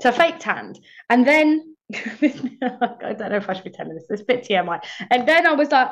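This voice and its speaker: A young woman actor chats casually as a podcast guest, telling stories, laughing often, and acting out her own past lines. Her fairly high, sing-song voice moves a little fast, and the lo-fi audio is slightly muffled.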